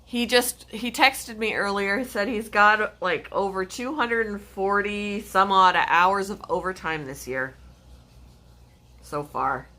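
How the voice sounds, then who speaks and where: A woman's voice: medium pitch, takes it slowly, pushed and bright. A woman hosting a casual live stream, chatting to her pets and her viewers.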